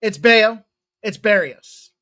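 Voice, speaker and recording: A man's voice: high-pitched, measured pace, pushed and bright. A man hosting a sports betting show, rambling and joking through his picks and swearing casually.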